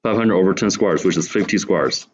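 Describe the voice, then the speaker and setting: Low-voiced man lecturing to a class. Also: brisk, dull audio, slight background noise. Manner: explaining step by step, asking the class questions. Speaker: university lecturer.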